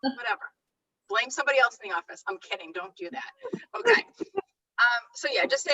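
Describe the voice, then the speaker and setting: A woman leading a live real estate training session, chatty and animated, often stopping herself mid-thought. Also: high voice, a little fast, pauses often, husky, far from the mic, rough recording. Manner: chatty, animated, self-interrupting.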